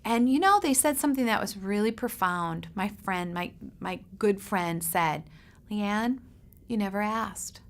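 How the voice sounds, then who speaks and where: A middle-aged woman, a parent coach, telling a lively personal story to parents and acting out the voices in it. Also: normal speed, hardly any pauses. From Seattle area, United States. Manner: animated storyteller, acts out quoted voices with big pitch jumps.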